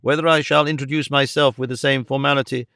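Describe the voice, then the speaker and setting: A man voicing a pompous, flattering gentleman visitor who talks in grand, theatrical, overly formal phrases. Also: mid-range voice, fast, dry recording, studio quality. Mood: unctuous.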